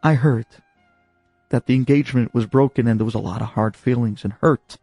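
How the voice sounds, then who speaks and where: Man doing elderly rabbi, earnest, pleading, gravelly, rising higher. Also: fairly quick, mellow, no echo, faint music behind.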